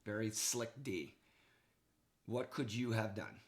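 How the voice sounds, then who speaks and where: A man's voice: lowish voice, lively intonation, slow pace. A man coaching hockey, talking a player through game footage in a casual, enthusiastic way, checking in often with "okay". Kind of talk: video game analysis for a player.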